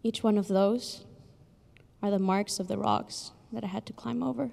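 A woman voicing a small, humble male snail in a story, speaking quietly and earnestly with long hall reverb. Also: mid-range voice, fairly even intonation, normal speed, vocal fry.

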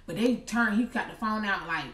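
A young woman telling a storytime vlog in an animated, chatty way. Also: medium pitch, normal speed. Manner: chatty, animated, addresses viewers as y'all. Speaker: vlogger. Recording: echoey room, mic at a distance.

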